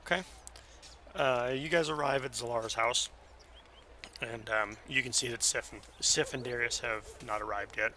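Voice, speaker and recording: A man narrating as game master for a tabletop game, halting with many ums and self-corrections. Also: medium pitch, pushed and bright, a little hiss or hum.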